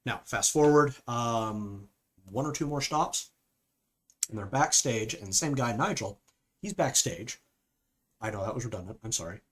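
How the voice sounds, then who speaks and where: Man, casual film review, rambling, fillers, average pitch. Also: animated, normal speed, long pauses. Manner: rambling, with frequent fillers and "okay?" asides.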